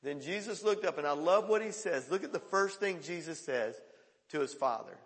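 Male pastor preaching hard, loud then hushed, kinda high voice, big echoey church. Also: expressive, normal speed. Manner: emphatic preaching, swings between loud calls and hushed quotes. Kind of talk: sermon.

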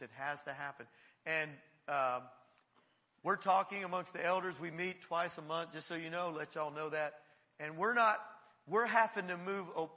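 A man's voice: a little high, sharp tone. A man preaching a sermon as pastor, earnest and conversational, often repeating himself as he makes a point. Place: church sanctuary. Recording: long reverb of a church hall.

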